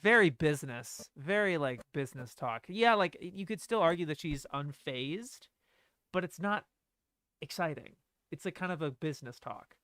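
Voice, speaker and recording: Young male streamer, lively swooping delivery, slightly high, dry close sound, animated commentary. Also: moderate pace, no room sound. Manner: animated, laughing, quotes lines aloud. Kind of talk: casual film-commentary stream.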